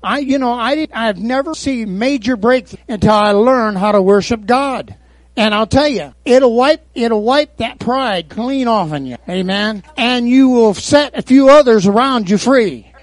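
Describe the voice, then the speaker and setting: A man's voice: extremely high pitch, measured pace, dry recording. A man preaching a sermon in a call-and-response style, peppering his talk with amens and hallelujahs. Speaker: pastor.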